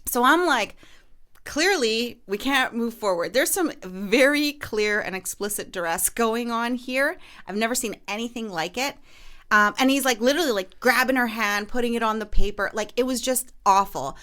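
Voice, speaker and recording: Speaking at a moderate pace, a podcast host who also works as a realtor recounts a story in a pushed, bright, fairly high voice. Her chatty delivery keeps stumbling into fillers and fresh starts.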